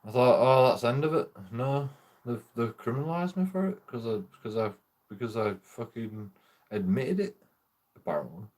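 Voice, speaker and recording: A man's voice: mid-range voice, animated, normal speed, darkish tone. A young man chats loosely and swears freely. He rambles from one story to the next, laughing as he goes, in a casual streaming talk. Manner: sweary, rambling, laughs through his stories.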